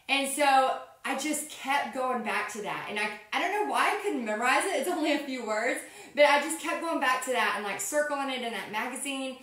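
A woman's voice: on the high side, a bit bright, distant mic. A woman with a Texan accent chatting casually on a live painting stream from her home art studio, upbeat and reading viewer comments aloud. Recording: roomy echo, voice a bit off-mic.

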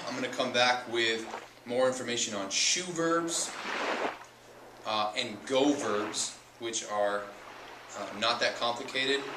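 A male teacher walks through a lesson patiently, repeating words and spelling out their endings. His voice sits at an ordinary pitch but sounds roomy and set back from the mic. Steady noise runs under it. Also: recorded from a distance. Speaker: Spanish teacher. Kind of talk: explanatory lesson. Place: outdoors at a beach.

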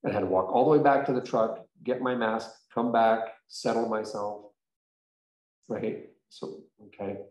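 A man's voice: lowish voice, unhurried, a little mellow. A male pastor telling a story in a conversational, emphatic sermon. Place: church sanctuary. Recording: echoey church room.

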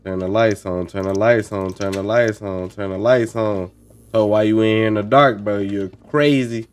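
A man's voice: on the low side, darkish tone, smooth. A young man hosting a let's play, repeating phrases in rhythmic bursts as he plays along. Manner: repeats lines in chanting bursts, talks along with the game. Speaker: gaming channel host.

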